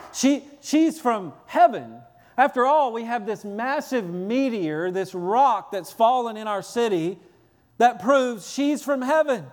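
An exasperated city clerk scolding a rowdy crowd in a relaxed drawl, as a preacher plays him. His voice sits fairly high and carries long reverb from a large hall. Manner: casual, scolding, drawling "y'all".

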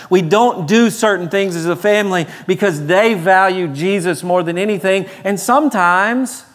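A man preaching a sermon as pastor, building in intensity and acting out the people he quotes. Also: high voice. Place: church sanctuary. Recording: reverberant church sanctuary.

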